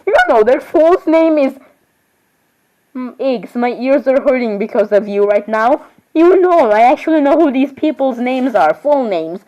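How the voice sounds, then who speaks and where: A woman with a high voice voices all the dolls in a homemade, improvised role-play. She rambles in a chatty way and breaks into sudden surprised squeals. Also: expressive, measured pace, dark tone, muffled recording.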